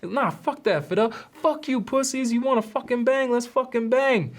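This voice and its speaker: A man voicing a brash young man in his twenties, taunting in high, cocky bursts. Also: moderate pace.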